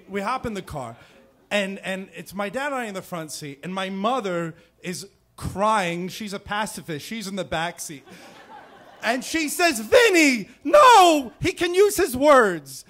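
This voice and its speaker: A man's voice: sits high, fairly bright tone. A man in his thirties from New Jersey telling a personal story live on stage, casual and rambling, with lots of fillers and restarts. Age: 30s. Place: stage before a live audience.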